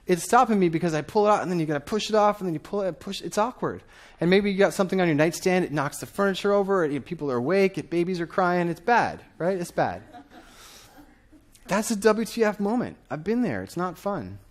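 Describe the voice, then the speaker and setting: A man in his thirties giving a lively conference talk from a stage, often asking the audience questions. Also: sits high, fast talker. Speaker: conference speaker.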